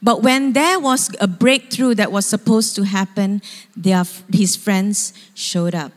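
Slow-speaking woman pastor in a church hall. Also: mid-range voice. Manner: animated storytelling. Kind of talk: sermon. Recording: long hall reverb.

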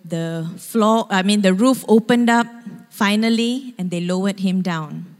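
A woman pastor preaching a sermon as she retells a story with animated storytelling. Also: medium pitch, a little slow. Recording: long hall reverb.

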